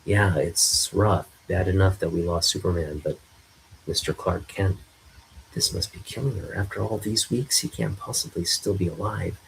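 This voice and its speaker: A man's voice: low-pitched, steady tone, moderate pace, gravelly, a little hiss or hum, poor audio. A man voicing an awkward, caring young male photographer, reading a comic aloud. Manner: awkward, fumbling.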